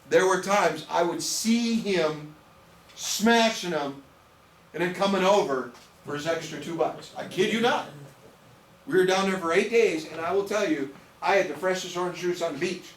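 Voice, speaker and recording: A high-pitched nutrition trainer speaks at a moderate pace in a live training for a small group. He is emphatic, repeats words, and asks "okay?", heard through a distant mic in an echoey room with an audience and faint noise.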